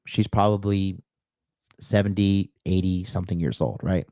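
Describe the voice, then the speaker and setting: A man's voice: sits low, normal speed, mellow, no echo, clean studio sound. A dating coach telling a personal story to his viewers in a profane, emphatic way. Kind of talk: casual storytelling monologue.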